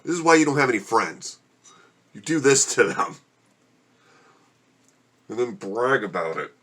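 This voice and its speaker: A man's mid-range voice is sing-song, a bit bright, and a little slow as he talks to camera in a home room with a gecko habitat. He's groaning and complaining while struggling through a very spicy meal.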